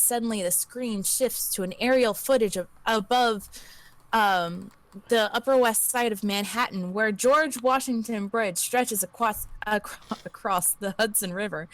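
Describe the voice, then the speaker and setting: A woman reading an interactive story aloud on a livestream, steady with small slips. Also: fairly high pitch, no echo.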